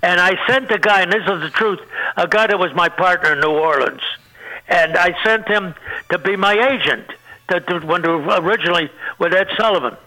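Older guy comic rambling thru old showbiz stories, highish voice, cracks himself up. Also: brisk, pushed and bright, poor audio. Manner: rambling, self-interrupting, laughs at own punchlines. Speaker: interview guest, comedian. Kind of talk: anecdotal storytelling.

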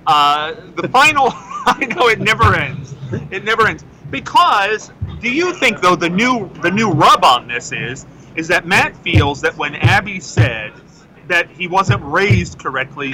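A man's voice: high voice, sing-song, a crowd in the background, low-quality recording. A man hosting a live radio broadcast from an outdoor festival booth, joking and teasing his co-hosts. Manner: joking, teasing, quick to laugh. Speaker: radio host.

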